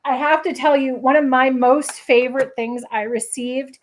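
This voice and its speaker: A woman's voice: high voice, fairly even intonation, normal speed, slight background noise. A woman hosting a casual crafting livestream, chatting to viewers with playful asides and humming little scat tunes while she works. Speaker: papercrafting livestream host.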